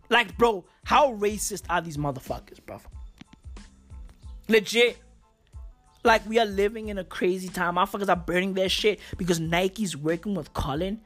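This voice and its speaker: A man's voice: high-pitched, moderate pace, fairly bright tone, soft background music. A man hosting his own podcast, ranting casually in profane street slang, repeating lines and leaning on fillers. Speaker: podcast host. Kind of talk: casual solo rant.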